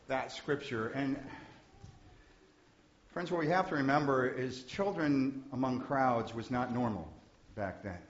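A man preaching, telling a story slowly and softly, often dropping to a hush. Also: mid-range voice. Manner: slow, soft-spoken storytelling with hushed passages. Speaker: pastor. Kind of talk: sermon storytelling. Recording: dull, echoey room recording.

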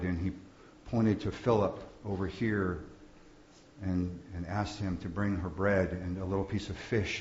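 Soft-spoken male pastor in an echoey room. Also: deep voice, a little hiss or hum. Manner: slow, soft-spoken storytelling with hushed passages. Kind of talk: sermon storytelling. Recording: dull, echoey room recording.

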